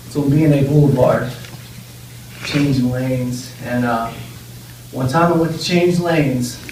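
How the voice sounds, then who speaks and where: Young man, eulogy speaker; mellow, loose and rambling, with fillers and laughs. Distant mic, booming room echo. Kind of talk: informal memorial speech. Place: memorial gathering room. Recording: echoey room, voice far from mic, faint noise.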